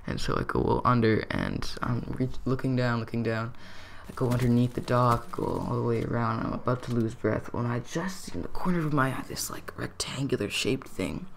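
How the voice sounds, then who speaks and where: A young man telling a story in a casual, rambling vlog, full of "like" and "dude" and growing excited. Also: medium pitch, brisk, gravelly, a little hiss or hum.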